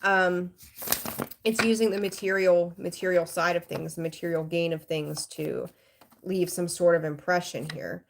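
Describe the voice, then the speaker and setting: A woman's voice: fairly low pitch, measured pace, vocal fry. A woman giving a live tarot reading in a frank, rambling way, swearing casually and greeting viewers. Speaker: tarot reader.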